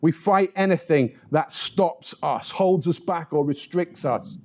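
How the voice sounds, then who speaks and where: A man preaching a sermon in a fairly high but mellow voice. He reads scripture slowly, then shifts into playful, self-mocking stories full of humor. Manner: humorous storytelling.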